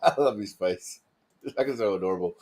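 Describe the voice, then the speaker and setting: A man's voice: lowish voice, brisk, darkish tone. A man hosting a casual comedy stream, crude and mocking, laughing often and talking to his chat. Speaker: stream host.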